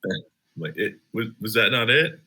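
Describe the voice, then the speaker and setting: Player, deep voiced man, husky, loud and playful. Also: very animated, moderate pace. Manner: loud, questioning, laughing. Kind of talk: casual tabletop play.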